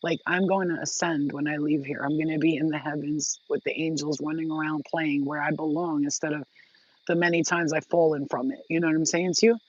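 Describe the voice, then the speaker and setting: A woman's voice: sits low, fairly even intonation, a little fast, no room sound. A woman talks straight to her viewers in a loose, unscripted vlog. She is blunt and emphatic and swears freely. The sound is dry and close, and the audio is a little dull and lo-fi. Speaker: vlogger. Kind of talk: casual direct-to-camera talk.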